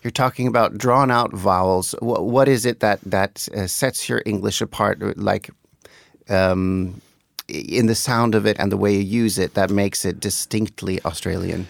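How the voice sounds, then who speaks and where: A man's voice: on the low side, steady tone, normal speed, vocal fry, no echo, studio quality. A man interviewing a guest, asking curious questions and searching for his words.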